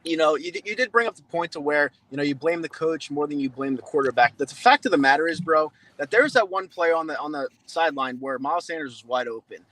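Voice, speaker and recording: A man's voice: fairly high pitch, bright, forceful tone, dry recording, rough recording. A man hosting a live sports fan show, ranting in frustration and swearing often. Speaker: show host. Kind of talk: heated sports fan podcast.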